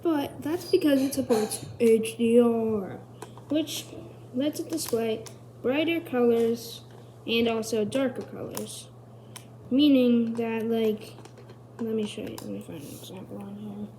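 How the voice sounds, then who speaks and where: With slight background noise, a female video host talks a little slowly in a dark-toned voice on the high side. She's chatty in her casual tech explainer, wandering off track and fixing her own statements.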